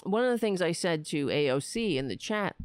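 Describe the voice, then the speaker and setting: A woman's voice: lowish voice, expressive, a little fast, clear, resonant tone, no room sound. A woman hosting a podcast, talking in a blunt, profane, rambling way in casual commentary. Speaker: podcast host. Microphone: webcam setup.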